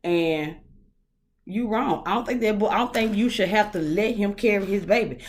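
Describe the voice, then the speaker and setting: A woman's voice: mid-range voice, normal speed. A woman hosting her own talk vlog, talking casually and frankly in a rambling way, with lots of fillers and swearing. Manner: blunt, opinionated, swears freely. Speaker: host. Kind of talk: casual solo vlog monologue.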